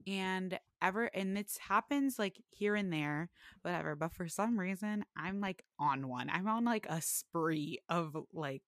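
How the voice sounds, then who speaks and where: A young woman in her twenties telling a casual story on a podcast. She fills her talk with "like" and grows animated when she quotes others. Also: lowish voice, measured pace, dry recording, clean studio sound. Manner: chatty, full of "like", animated when quoting others.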